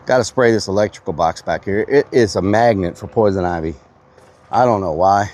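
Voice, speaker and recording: A man's voice: on the low side, a little fast, darkish tone, slight background noise. A man live-streaming outdoors while working, talking casually with his chat and out of breath. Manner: chatty, answers chat, mild exclamations. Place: outdoors on a windy property.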